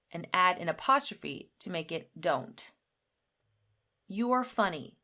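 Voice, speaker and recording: A woman teaching an English grammar lesson. She explains rules clearly and acts out the example sentences. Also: fairly low pitch, a bit bright. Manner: slow, clearly spelled-out teaching.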